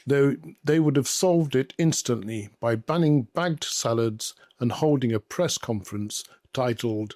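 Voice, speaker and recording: A man hosting a satirical commentary show, delivering mock news in a sarcastic, deadpan way with frequent hesitations. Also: mid-range voice, a little slow, few pauses, no echo, clean studio sound. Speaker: host.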